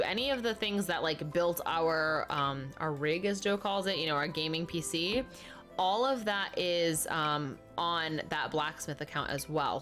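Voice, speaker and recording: Her pitch is fairly low and a touch bright. She's a young adult woman playing a life-sim game on stream, keeping things chatty and casual as she addresses the chat directly and replies to viewers by name.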